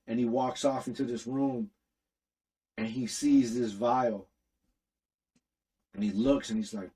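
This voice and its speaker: A man with a slightly husky voice, talking at an ordinary pitch. He recaps an episode in a loose, slangy way, swearing freely and jumping into the characters' lines as he goes. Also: a little mellow, rough recording. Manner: profane, slangy storytelling, acts out characters' lines. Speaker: podcast host recapping an animated series. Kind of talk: casual recap chat.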